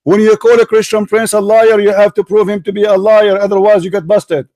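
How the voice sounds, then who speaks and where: Man, high voice, dry close mic, heated debate host, domineering, insulting. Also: flat delivery, brisk, warm tone, no room sound, rough recording. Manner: domineering, insulting, repeats himself. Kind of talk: heated live online debate.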